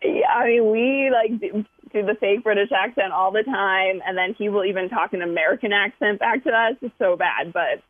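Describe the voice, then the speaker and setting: A chatty woman guest talks on morning radio, giggling easily. Her voice sits at an ordinary middle pitch. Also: normal speed, dry recording, narrow, tinny audio. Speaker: guest, office coworker. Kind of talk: radio chat.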